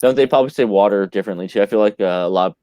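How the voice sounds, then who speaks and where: Enthusiastic low-voiced podcast host. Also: male voice, very fast, mellow, dry recording. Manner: enthusiastic, calls others "man". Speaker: podcast co-host and magazine publisher. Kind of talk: casual podcast chat.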